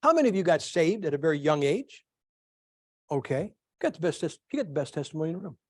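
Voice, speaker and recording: A middle-aged male pastor preaching a sermon, telling folksy stories with lively asides to his congregation. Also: a little high, fast talker, no room sound. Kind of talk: sermon with storytelling.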